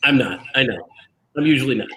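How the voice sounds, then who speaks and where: A man's voice: medium pitch, lively intonation, fast, bright, forceful tone, a little hiss or hum, rough recording. A man hosting a casual live-stream chat over a video call, joking and ribbing his co-hosts. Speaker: host.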